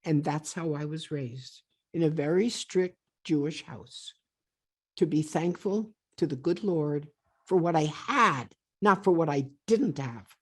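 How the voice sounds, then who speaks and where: A woman's voice: low voice, a little slow, breathy edge. A woman in her eighties, a retired stockbroker, telling stories bluntly and emphatically as a guest on a video call. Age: 80s. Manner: blunt, emphatic, plain-spoken. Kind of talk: storytelling interview.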